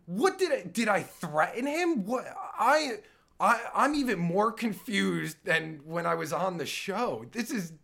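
A man rants on a live stream in a high, gravelly voice. He is sarcastic and profane, trips over his words, and swings wildly up and down in pitch. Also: animated, unhurried, a bit bright. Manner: sarcastic, stammering, swears constantly. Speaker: podcast host reacting to a clip. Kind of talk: angry profane reaction commentary.

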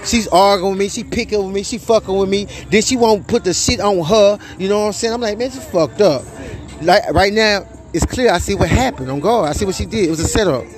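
Young man, high-pitched voice, rambling monologue, heavy swearing, restarts and filler phrases, faint music underneath. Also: brisk. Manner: profane, rambling, repeats "you know what I'm saying". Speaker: father telling his side of a custody dispute. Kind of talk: casual storytelling monologue.

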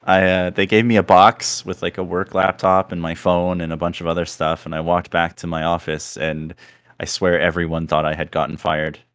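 Laid-back male podcast host, low voice, dry close sound, easygoing storyteller. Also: level tone, normal speed, fairly bright tone, smooth, dry recording. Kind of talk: casual chat.

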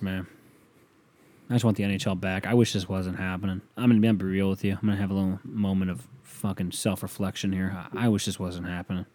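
A man hosting a podcast, delivering a casual comedic monologue as a profane, rambling rant that swings between mumbled asides and loud outbursts. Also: low-pitched. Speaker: podcast host.

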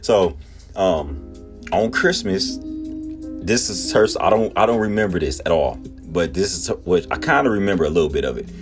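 A man in his thirties with a very low voice tells childhood stories on his podcast in a loose, casual way. He laughs often and jumps into high voices when quoting people. Faint music plays underneath. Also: normal speed. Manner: laughs often, animated storytelling, acts out quotes in high voices. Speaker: podcast host. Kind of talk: casual storytelling.

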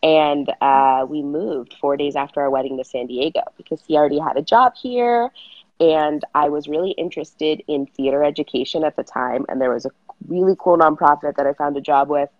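Low-voiced bubbly young woman, dry sound. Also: fairly quick, no room sound, lo-fi sound. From San Fernando Valley, California. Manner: bubbly, laughs often, uses "like" a lot. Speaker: guest. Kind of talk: casual interview chat.

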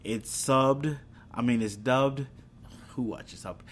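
A man's voice: medium pitch, takes it slowly. A young man hosting a video, chatting casually about upcoming shows, rambling with fillers and restarts. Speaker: video host. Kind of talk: casual entertainment news chat.

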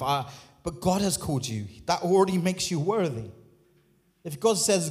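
A man preaching a sermon as lead pastor, impassioned, his voice surging up and dropping into quick asides. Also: on the high side, expressive. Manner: impassioned, swings between loud rises and quick quiet asides. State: out of breath. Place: church hall. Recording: long hall reverb.

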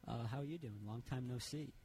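A man's voice: mid-range voice, fairly quick, warm tone, slight background noise, natural voice, rough recording. A man voicing a sympathetic male podiatrist who keeps exclaiming in dismay.

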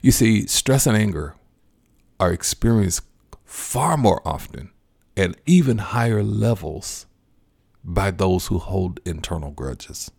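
A man preaching a sermon, addressing listeners as friends and repeating key lines slowly for emphasis. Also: low-pitched, expressive, vocal fry, a little mellow, breathy edge, no echo, studio quality.

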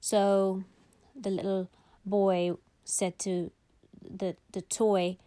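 A woman reading a children's bedtime story aloud, slow and gentle, putting on small voices for the characters. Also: mid-range voice, no echo.

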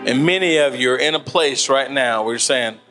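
A man preaching a sermon as pastor, telling lively stories with laughter and then slowing into earnest exhortation. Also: mid-range voice, faint music behind.

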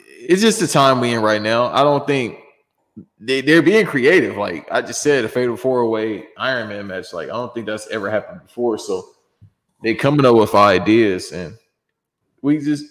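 A man's voice: medium pitch, a bit bright, in a large hall. A man co-hosting a casual wrestling chat show, talking in loose, slangy, profane banter. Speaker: podcast co-host.

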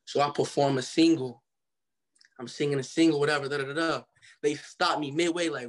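Young man from Ohio, guest storyteller, slightly higher pitch, slangy, acts out quotes. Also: fairly even intonation, a little fast. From Cincinnati, Ohio. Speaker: guest artist. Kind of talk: casual storytelling interview.

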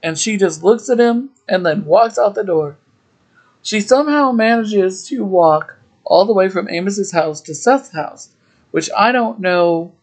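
Slow, laughing podcast host. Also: mid-range voice, animated. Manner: laughs often while retelling; chatty, with frequent fillers. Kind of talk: casual episode recap.

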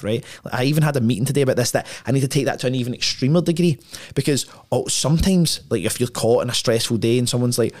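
A man's voice: medium pitch, fast. A man speaking as a podcast guest in casual conversation, blunt and profane, often ending points with tag questions. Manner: frequent tag questions and restarts.

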